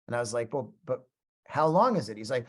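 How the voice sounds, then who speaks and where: A man's voice: mid-range voice, a little fast. Chatty middle-aged man telling stories. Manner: animated, chatty, acts out both sides of conversations. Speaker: guest musician teaching a class. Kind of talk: casual storytelling lecture.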